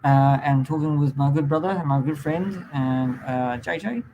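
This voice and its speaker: A man's voice: fairly high pitch, moderate pace, dark tone, lo-fi sound, slight background noise. Hesitant New Zealand man hosting a stream. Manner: hesitant, many ums and uhs, friendly welcoming. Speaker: podcast host. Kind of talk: casual live-stream chat.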